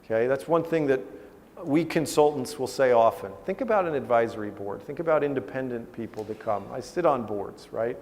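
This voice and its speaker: A man's voice: mid-range voice, lively intonation, brisk, a little mellow. A man, a family business consultant, tells a case story in a conversational lecture style, often checking in with his audience. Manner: conversational, checks in with "okay?" and "right?". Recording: reverberant hall.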